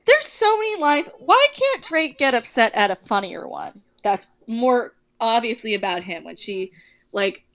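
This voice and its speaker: A young woman co-hosting a podcast, chatting casually and gossiping with quick asides. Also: on the high side, big pitch swings, fairly bright tone. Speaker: podcast co-host. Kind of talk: casual chat.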